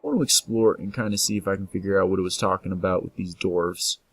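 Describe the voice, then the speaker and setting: A man's voice: sits low, steady tone, fast, slightly rough. A man casually narrating a video game as he plays, joking with the enemies on screen and reading the game's messages aloud. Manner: playful, talks to enemies, reads game text aloud. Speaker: gameplay commentator. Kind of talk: casual let's-play commentary. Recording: faint game music behind.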